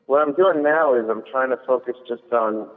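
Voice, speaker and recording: A man's voice: medium pitch, normal speed. A male comedian chatting casually, telling a rambling story with many fillers and restarts. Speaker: guest comedian. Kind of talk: casual chat. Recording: thin phone-like sound with long echo.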